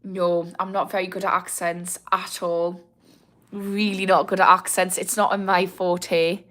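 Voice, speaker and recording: A woman's voice: lowish voice, flat delivery, measured pace, a bit bright. A woman in her thirties with a British accent speaks in an easy, chatty way while hosting a live Q&A. She answers viewers' comments by name, often trailing off and starting her sentences again. Her tone stays frank and down-to-earth. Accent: British English. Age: 30s. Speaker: recovery coach hosting a live Q&A. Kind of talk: casual live-stream chat, reading comments.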